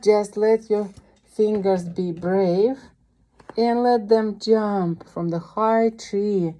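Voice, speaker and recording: A woman's voice: mid-range voice, extremely slow, warm tone, slight background noise. A Russian-accented woman teaching piano to a young child, encouraging her with vivid imagery and sing-song cues.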